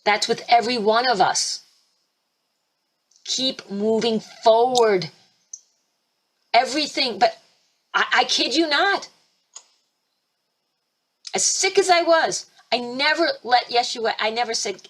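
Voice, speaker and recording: A woman spiritual teacher hosting a webinar, talking emphatically and fervently, with sudden leaps in pitch and loudness. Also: unhurried, long pauses. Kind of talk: impassioned preaching webinar talk. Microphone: computer mic for a webinar.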